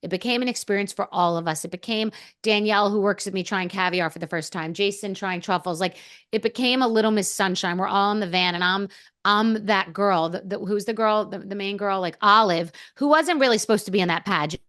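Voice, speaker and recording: A woman's voice: medium pitch, a little fast, a bit bright, no echo, clean studio sound. A woman guest on a podcast, telling a candid story in a blunt, profane, rambling way.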